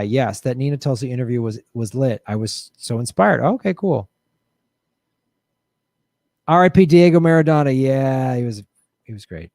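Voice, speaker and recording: A man hosting a casual livestream, answering viewer questions with animated commentary and mocking voices. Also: medium pitch, moderate pace, long pauses, dry recording, studio quality. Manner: animated, jumps between mocking voices and mutters.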